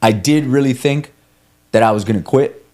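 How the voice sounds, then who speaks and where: A young male podcast guest who does ultramarathons tells a running story with candor, at normal speed in a medium-pitched, slightly mellow voice. His talk is rambling and profane, with self-coaching and frequent restarts.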